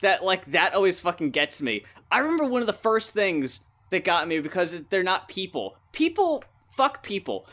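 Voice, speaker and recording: Podcast guy, bright kinda high voice, rambly and cussing, acts out little scenes. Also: sing-song, normal speed, few pauses. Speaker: podcast co-host. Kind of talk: casual chat.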